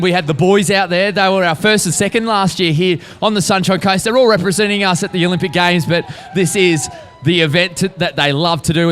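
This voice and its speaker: A man's voice: high-pitched, fairly bright tone. An Australian man commentating a race finish, upbeat and joking as runners come in. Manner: upbeat, joking banter while calling runners in.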